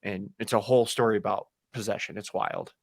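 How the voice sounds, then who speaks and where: A man, a haunt actor guest on a podcast, explaining things at length in a relaxed way. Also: on the low side, brisk, vocal fry, no echo. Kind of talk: casual chat.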